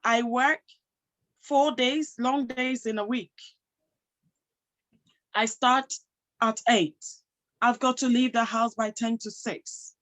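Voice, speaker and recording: A woman's voice: on the high side, steady tone, slow, pauses often, fairly bright tone, rough recording. A woman giving a motivational talk to an audience, emphatic, posing rhetorical questions and answering them herself. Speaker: motivational speaker and health professional.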